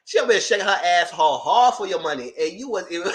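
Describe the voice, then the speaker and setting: A TV show reviewer giving a casual recap, animated and laughing, acting out the characters in squealing high voices. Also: fast. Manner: laughs through the story.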